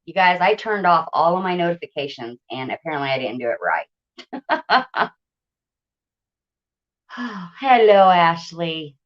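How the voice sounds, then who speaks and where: A woman's voice: fairly low pitch, sing-song, takes it slowly, pauses often, highs cut off. Chatty woman live-streaming from home. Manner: chatty, greets viewers warmly by name, laughs often. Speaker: livestream host. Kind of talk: casual live-stream chat. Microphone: tablet.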